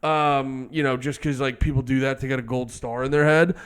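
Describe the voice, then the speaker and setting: A young man co-hosting a casual comedic music podcast, joking and breaking into high shouted bits. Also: fairly even intonation, a little fast, clear, resonant tone. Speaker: podcast co-host.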